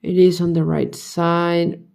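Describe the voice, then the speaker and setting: Tired woman muttering to herself over a model kit, slow and gravelly, kinda low. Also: flat delivery, a little mellow. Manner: muttering repeated questions to herself. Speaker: hobby vlogger building a model kit. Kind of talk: casual talk while building.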